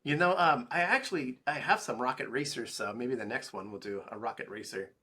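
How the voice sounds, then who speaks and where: A man's voice: medium pitch, a little fast, bright, forceful tone, husky. A man co-hosting a casual comic-book podcast, walking through the pages with jokes and fillers. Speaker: podcast co-host.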